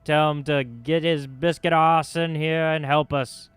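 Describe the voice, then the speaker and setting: A man's voice: a little high, fairly even intonation, measured pace, smooth, dry recording, faint music behind, close to an everyday voice. A man voicing a stubborn, grieving dwarf cleric who speaks with bitter earnestness.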